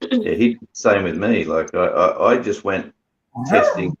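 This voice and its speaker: A man from Australia with a low voice talks as a guest on a livestream. He speaks haltingly, with many stops and restarts. The audio is dull and lo-fi. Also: wildly swooping pitch. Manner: hesitant, halting. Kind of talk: casual livestream chat.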